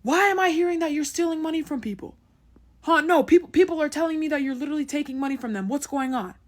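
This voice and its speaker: Brief: a woman putting on a furious mom, loud and high. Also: fast, close to an everyday voice. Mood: angry. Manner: scolding, raised voice. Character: angry mother scolding her daughter.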